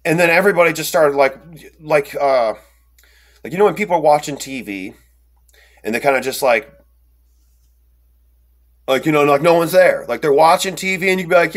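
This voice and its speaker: A young man telling a personal story in a rambling, animated way, with lots of fillers and restarts, and acting out the quotes. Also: a little high, moderate pace, pauses often. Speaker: storyteller recounting an encounter. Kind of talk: casual first-person storytelling.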